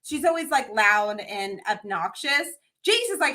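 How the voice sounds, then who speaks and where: A middle-aged woman co-hosting a podcast, telling a story in casual chat and acting out the quotes with big jumps in pitch. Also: lively intonation, measured pace, sharp tone. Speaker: podcast co-host.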